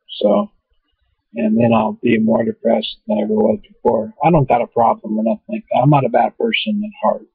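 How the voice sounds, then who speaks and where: A man's voice: mid-range voice, creaky, husky, no echo. A man rambling through a casual webcam monologue at home, full of fillers and asides. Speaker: vlogger. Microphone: webcam mic. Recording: tinny, phone-like dry webcam audio.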